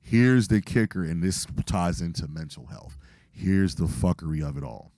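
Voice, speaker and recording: A man with a hoarse, lowish voice tells a story, animated and full of cursing. He acts out the lines of the people in it. The sound is dry and close. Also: moderate pace, no room sound. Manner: animated, profane retelling with acted-out quotes. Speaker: podcast host. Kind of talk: casual storytelling.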